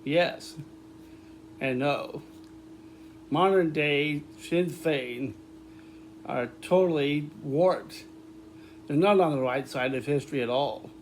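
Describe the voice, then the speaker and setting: A man talking in a rambling, casual monologue to his viewers, repeating words, restarting sentences and breaking into loud laughter. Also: fairly high pitch, slow, long pauses, slight background noise. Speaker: vlogger.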